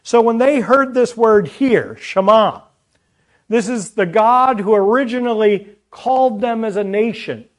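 A man's voice: sits high, a little slow. A man preaching a sermon, teaching earnestly from scripture with chatty asides to the congregation.

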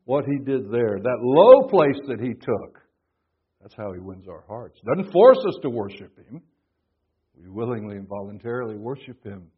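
Man preaching with hushed-to-booming swings. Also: big pitch swings, moderate pace, slightly rough, narrow, tinny audio. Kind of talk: sermon. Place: conference hall.

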